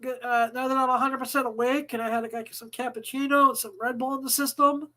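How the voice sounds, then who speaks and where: A woman's voice: high-pitched, level tone, quick pace, bright, forceful tone, low-quality recording. A woman co-hosting a casual live talk show, chatty, restarting sentences, swearing freely.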